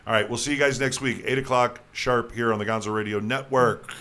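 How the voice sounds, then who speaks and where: A man's voice: mid-range voice, steady tone, brisk. A man hosting a casual talk show, rambling and jokey, often repeating his words. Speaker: podcast host. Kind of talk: casual chat.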